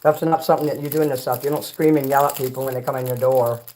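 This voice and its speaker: Very fast and fairly even in intonation, his mid-range, darkish voice carries a Chicago man's livestream chatter. He reads off chat messages and snacks while making rambling, blunt comments that include the odd curse word.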